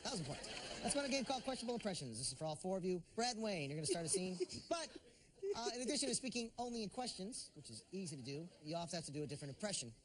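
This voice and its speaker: A man's voice: sits high, sing-song, rapid-fire, a crowd in the background. A man hosting a game show, introducing games with jokes and chuckling between them. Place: television studio stage. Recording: studio with audience noise.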